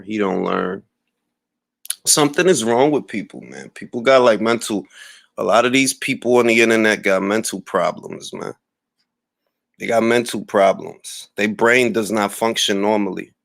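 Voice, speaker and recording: A man's voice: lowish voice, gravelly, a bit bright, no room sound, studio quality. A man hosting a boxing talk livestream, ranting and trash-talking a rival with mocking laughs and greeting chat viewers. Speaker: boxing talk show host.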